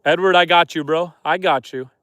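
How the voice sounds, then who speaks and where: A man from Canada, a homesteader livestreaming outdoors at night, reading viewer comments aloud and chatting back in a relaxed way. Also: on the high side, moderate pace, no room sound, clean studio sound. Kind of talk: casual live stream chat.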